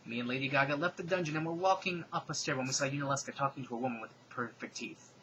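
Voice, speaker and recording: A man with a medium-pitched, bright and crisp voice reads fan fiction aloud at a quick pace, hamming up the drama for comedy and breaking in with deadpan, sarcastic asides. Faint room noise sits underneath, and the audio is dull.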